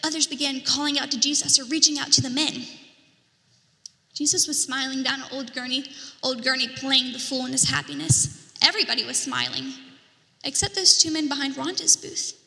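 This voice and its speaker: Woman in a church play telling a story, high bright voice, big echoey hall. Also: normal speed, gravelly. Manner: animated, dramatic storytelling with whispered asides. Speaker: merchant character in a church drama. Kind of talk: theatrical storytelling monologue. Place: church sanctuary.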